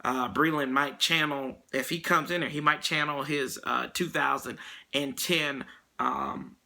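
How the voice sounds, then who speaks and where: A man's voice: medium pitch, steady tone, measured pace, gravelly, pushed and bright. A man hosting a sports podcast in casual, rambling talk, joking around with many fillers.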